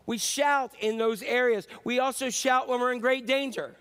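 A man preaching a sermon as pastor, animated and joking with the congregation, acting out shouts and voices. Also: extremely high pitch, moderate pace. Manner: jokes with the audience.

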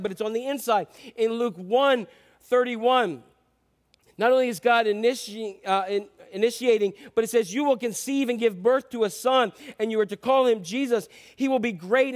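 A middle-aged man, a pastor, preaching a sermon in a conversational way with asides and restarts. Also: high-pitched.

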